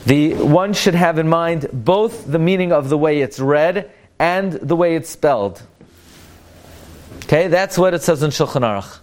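A man's voice: fairly high pitch, expressive, measured pace, a little mellow. A man teaching a classroom lesson on Jewish law. He talks emphatically, repeats Hebrew words to correct their pronunciation and asks rhetorical questions. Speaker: Torah teacher.

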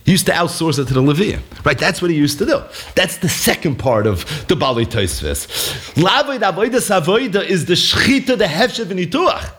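A man's voice: sits high, lively intonation, normal speed, a bit bright, breathy edge. A man teaching a Torah lesson, asking and answering his own questions, repeating points for emphasis and chanting sources in a sing-song. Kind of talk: lively Talmudic lecture.

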